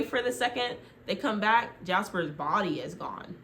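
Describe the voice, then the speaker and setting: A young woman vlogger casually retelling a TV show into her phone, rambling and full of "like" as she acts out quick quotes. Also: a little high, expressive, fairly bright tone, slight background noise.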